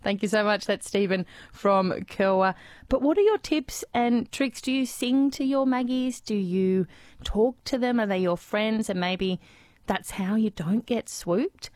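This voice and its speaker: A woman's voice: mid-range voice, darkish tone, no echo, clean studio sound. Bubbly woman radio host. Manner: bubbly, laughing, quick questions. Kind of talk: casual talkback radio. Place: radio studio.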